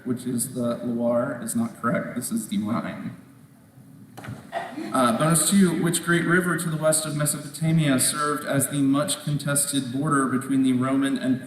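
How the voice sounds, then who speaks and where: Man reading quiz questions, measured delivery, heard from afar, long hall reverb, faint background noise. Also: medium pitch, steady tone, distant mic. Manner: measured, repeats questions and rules on answers. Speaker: quiz moderator. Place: large indoor competition hall.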